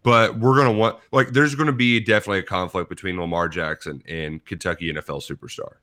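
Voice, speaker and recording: A man chatting on a sports podcast, playful and teasing with his co-hosts. His voice sits very low, yet it carries a bright edge. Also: steady tone, quick pace. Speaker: podcast co-host. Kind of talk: casual sports chat.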